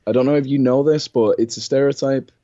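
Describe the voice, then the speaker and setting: A man's voice: medium pitch, fairly even intonation, fast talker, warm tone, dull audio. A British man, guest host on a podcast, chatting in an easygoing way, laughing often and swearing casually. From Britain. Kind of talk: casual chat.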